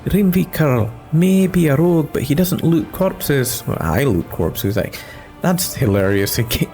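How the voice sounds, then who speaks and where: A man's voice: low-pitched, a little mellow, low-quality recording. A man hosting a let's play, mixing casual commentary with reading game text, in a wry, amused manner.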